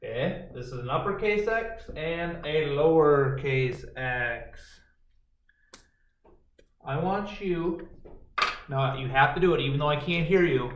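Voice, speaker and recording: A man teaches a remote phonics lesson to kindergarteners, stretching out letter sounds in a slow, sing-song way. He talks at an unhurried pace. His voice is captured from a distance by a laptop mic, with noticeable room echo. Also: a little high, lively intonation, slight background noise. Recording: roomy, distant home video.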